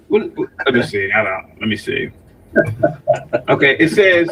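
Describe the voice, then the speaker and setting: A man co-hosting a livestream who thanks a donor politely and reads out a long message, a little haltingly. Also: mid-range voice, animated, a bit bright, recorded from a distance, slight background noise, rough recording. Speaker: livestream co-host. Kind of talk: reading out a donation message.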